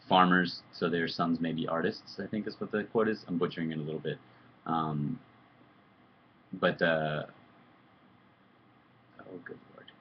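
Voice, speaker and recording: A man's voice: low voice, lo-fi sound. A man chatting casually on a live video stream, answering fan questions in a loose, joking, rambling way. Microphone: computer webcam mic.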